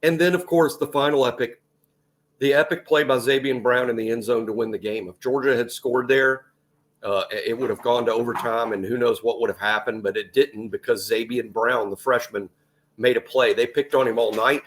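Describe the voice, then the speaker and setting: A man co-hosting a casual sports podcast. He speaks at an ordinary middle pitch. He recaps plays in a steady, conversational way. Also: moderate pace. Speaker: podcast co-host.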